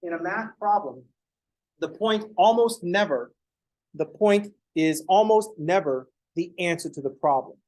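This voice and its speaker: A man's voice: sits high, lively intonation, unhurried, a little mellow, poor audio. A man teaching math in a casual recorded lecture, joking and swearing freely.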